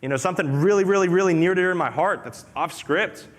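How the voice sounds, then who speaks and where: A man giving an energetic conference talk as a company presenter, repeating key phrases in a casual way. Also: high-pitched, quick pace. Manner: energetic, repetitive, conversational. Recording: long hall reverb.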